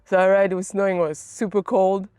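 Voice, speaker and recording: A woman's voice: mid-range voice, fast, smooth, no room sound, clean studio sound. A young woman from France with a French accent, telling a casual story with many "um"s and "like"s. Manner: relaxed, many fillers like "um" and "like". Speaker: vlogger, former college tennis player.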